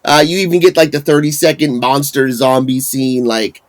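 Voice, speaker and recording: A man's voice: medium pitch, moderate pace. A man in his thirties co-hosting a casual podcast, ranting with lots of swearing and laughter. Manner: ranting, profane, laughs often. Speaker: podcast co-host.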